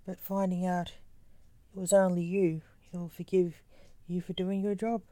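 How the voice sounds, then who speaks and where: A woman's voice: on the low side, level tone, unhurried, dark tone, no echo, natural voice. Woman reading as a troubled male emperor. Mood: worried. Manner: anxious, snappish.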